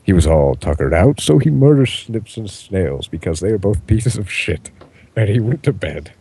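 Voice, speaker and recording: Deep husky man reading aloud. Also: normal speed. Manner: deadpan delivery breaking into laughter. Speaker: reader. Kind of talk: reading absurd fan fiction aloud.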